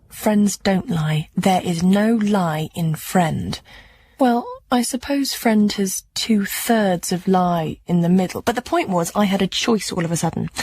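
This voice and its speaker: A woman's voice: mid-range voice, darkish tone, husky. An actress playing Edna, an earnest, awkward young woman who narrates her own story with dry, hesitant humour in a radio drama. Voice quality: hesitant, wry, self-deprecating.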